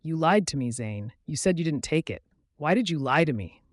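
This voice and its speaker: A man's voice: lively intonation, moderate pace, no room sound, clean studio sound, lightly acted. A man voicing a desperate young woman who pleads urgently for her friend, in a scripted storybook narration. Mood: pleading. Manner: pleading, urgent, raised pitch.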